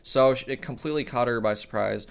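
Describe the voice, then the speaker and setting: A man's voice: medium pitch, fast, vocal fry, clear, resonant tone. A young man telling a rambling, profane story in a casual vlog, often correcting himself. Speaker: storyteller vlogger.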